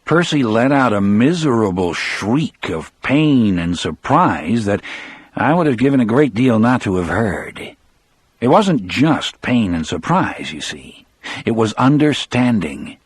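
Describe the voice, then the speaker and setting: A man's voice: medium pitch, very animated, measured pace, breathy edge, no echo. A man narrating an audiobook in the first person, with a dramatic storyteller delivery.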